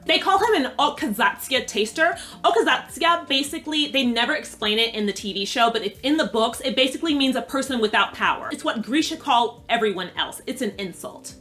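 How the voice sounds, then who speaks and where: Woman, casual show recap, slangy and profane, laughing, sharp bright tone. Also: high-pitched. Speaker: TV recap reviewer.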